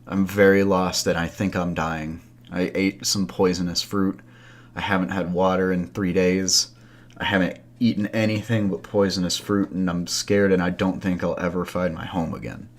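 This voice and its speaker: A man's voice: deep voice, level tone, normal speed. A man voicing a lost traveler, weak from poison and thirst, talking in a scared, pleading way in a campfire story. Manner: pleading, desperate.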